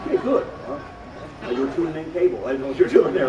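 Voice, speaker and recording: A man's voice: on the high side, fast talker. Showman comedy host on a live stage. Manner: showman hype with deadpan asides. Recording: roomy crowd-heard live recording from far off.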